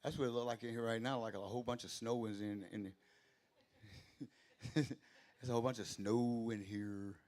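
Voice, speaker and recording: A man's voice: medium pitch, steady tone, moderate pace, pauses often, a little mellow. A man doing rambling, profane stand-up at an open mic in a small club, speaking into a stage mic and interrupting himself as he goes. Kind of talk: stand-up comedy.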